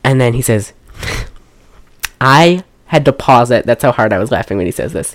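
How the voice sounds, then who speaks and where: A woman's voice: a bass voice, lively intonation, normal speed. A young woman hosting a casual chat, retelling a film's scenes in a rambling, profane way. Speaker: podcast host reviewing a film.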